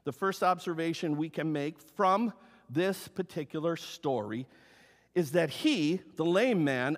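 A man's voice: on the high side, a little slow. A man preaching a sermon as pastor in a church, acting out the story's characters. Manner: animated, acts out the story's characters. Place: church sanctuary. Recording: long hall reverb.

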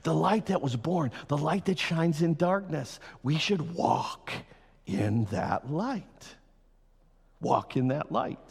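A male pastor preaching a sermon to a congregation, swinging between loud fervent passages and slow quiet emphasis. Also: fairly high pitch, lively intonation, vocal fry, husky. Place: church hall. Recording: long hall reverb.

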